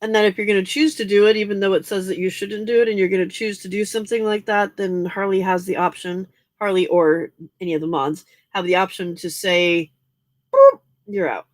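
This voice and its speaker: A tired, yawning woman hosting a late-night crafting livestream, chatting with viewers by name in a relaxed way. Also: mid-range voice, fairly quick, dry recording. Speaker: livestream host.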